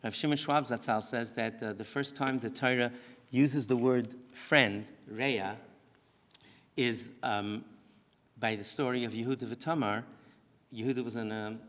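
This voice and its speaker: Rabbi lecturing to a congregation, earnest and self-correcting, mid-pitched man, long hall echo. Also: fairly even intonation, measured pace, a bit bright. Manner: earnest, talks in restarts and asides. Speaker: rabbi giving a presentation. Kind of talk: lecture to parents. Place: synagogue hall.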